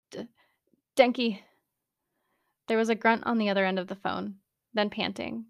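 A woman narrating a story in a soft, even storytelling voice. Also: mid-range voice, creaky, dry recording, studio quality.

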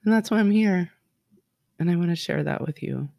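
A wellness coach with a gravelly, fry-edged voice talks listeners through affirmations in a loose, heartfelt way. The delivery is casual and full of "like" and "right?". The recording is dry, with no room sound. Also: mid-range voice, normal speed, a little mellow, dry recording. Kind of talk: guided affirmation talk.

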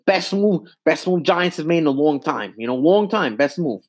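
A man doing an impression of a gruff sports radio host, droning and repeating himself. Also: a little high, expressive, moderate pace, pitched above the performer's own voice. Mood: smug.

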